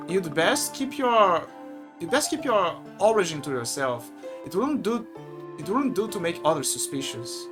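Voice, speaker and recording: A streamer reading aloud the lines of a calm, measured soldier in a game. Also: mid-range voice.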